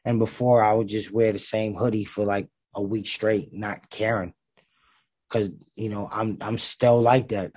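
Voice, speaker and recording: Rapper, man, gravelly voice, laid-back and slangy, lowish voice, dry close sound. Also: dry recording. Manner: laid-back, heavy slang, many fillers. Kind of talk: casual interview talk.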